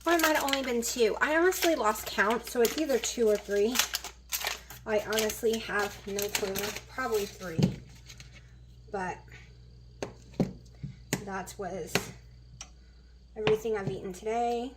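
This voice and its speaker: A woman's voice: fairly high pitch, a little slow, pauses often, heavy background noise. A woman chatting casually as she cooks in her home kitchen, rambling with plenty of fillers. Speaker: vlogger. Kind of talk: casual kitchen vlog chat.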